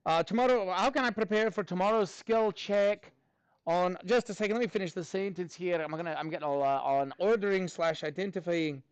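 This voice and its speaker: A man's voice: high voice, fairly quick, clean tone, no room sound. A man teaching a math class, upbeat and chatty, tossing jokey asides to his students between explanations.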